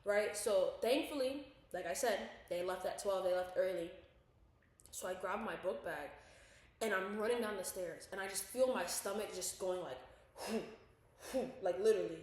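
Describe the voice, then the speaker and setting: This podcast co-host is a young woman spinning a lively story at normal speed, voicing other people's lines and cursing casually. Her voice sits mid-range in a very echoey room.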